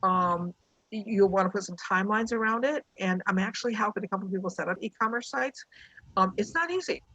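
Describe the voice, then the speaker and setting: Encouraging husky woman business coach. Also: mid-range voice, brisk, a bit bright, dry recording, muffled recording. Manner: chatty, encouraging, tells anecdotes. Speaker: business coach leading a workshop. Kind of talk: casual live coaching session.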